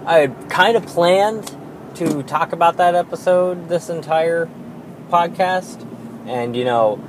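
A man hosting his own podcast alone, rambling in a casual, self-deprecating way with lots of fillers and the odd swear word. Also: on the high side. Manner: slow and drawn-out. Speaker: podcast host. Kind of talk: casual solo podcast monologue. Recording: noisy background hiss.

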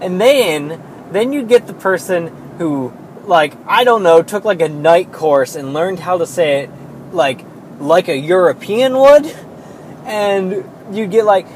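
Slow-talking, high-voiced man ranting. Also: a little hiss or hum, low-quality recording. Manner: rambling, profane, exasperated. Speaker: vlogger telling work stories. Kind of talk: casual storytelling monologue.

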